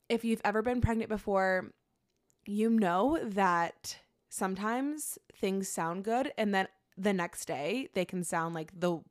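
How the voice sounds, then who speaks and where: A woman's voice: mid-range voice, clean tone. A young woman, heavily pregnant and a little out of breath, chatting casually and rambling as she hosts her own podcast, laughing often. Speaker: podcast host. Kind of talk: casual solo podcast chat.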